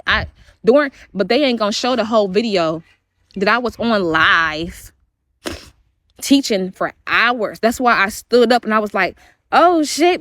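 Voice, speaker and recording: A woman's voice: fairly high pitch, fairly bright tone, no echo. A woman on a livestream, telling a long story in a rambling way, cursing and repeating herself. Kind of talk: heated livestream monologue.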